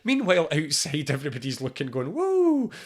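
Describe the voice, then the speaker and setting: A man's voice: a little high, expressive, brisk, fairly bright tone. A man explaining a mental health idea through a story, acting out short dialogues in a conversational, playful way. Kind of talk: explanatory talk with acted-out dialogue.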